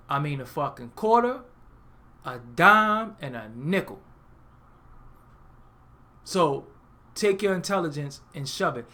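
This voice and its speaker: A man from Brooklyn with a New York accent, hosting a comedic, profane rant show, blunt and animated. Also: on the high side. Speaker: host.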